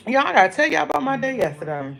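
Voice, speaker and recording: A woman's voice: fairly high pitch, big pitch swings, fast, gravelly, a bit bright. A woman hosting a casual live stream, greeting viewers by name and telling a rambling story with many restarts. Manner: chatty, greets viewers by name and reads comments aloud.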